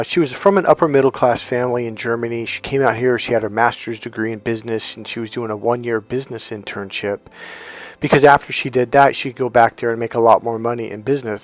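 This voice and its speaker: Middle-aged male dating coach, mid pitch, rambling storyteller, faint music bed. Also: steady tone, fairly quick. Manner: rambling, retells dialogue in quotes. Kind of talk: casual monologue.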